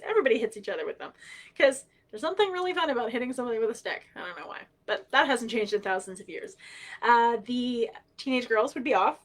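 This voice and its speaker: A middle-aged woman telling stories and teachings on a livestream, animated and playful, laughing often and acting out voices. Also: fairly high pitch. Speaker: storyteller and knowledge keeper. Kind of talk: humorous teaching storytelling on a livestream.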